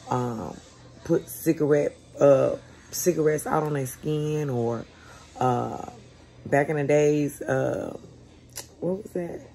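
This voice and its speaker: A woman in her forties with a low, gravelly voice tells a story bluntly and with plenty of swearing. Her delivery is casual and animated. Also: a little hiss or hum. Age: 40s. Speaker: vlogger.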